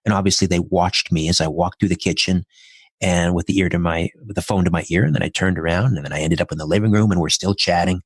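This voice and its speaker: A man's voice: low voice, fairly even intonation, quick pace, husky, no room sound, clean studio sound. A middle-aged man, a podcast guest, telling a personal story in an earnest, reflective way, step by step.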